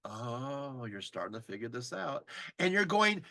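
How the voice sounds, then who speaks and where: A middle-aged man giving a lecture, animated, acting out how people react and laughing now and then. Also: medium pitch, unhurried, dry recording. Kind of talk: live lecture to an audience.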